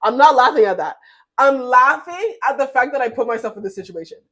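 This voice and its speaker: Young female storytime vlogger, candid and lively, chatting while baking. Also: high-pitched, fairly quick. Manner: animated, laughing, slangy and candid. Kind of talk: casual storytelling. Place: home kitchen while baking.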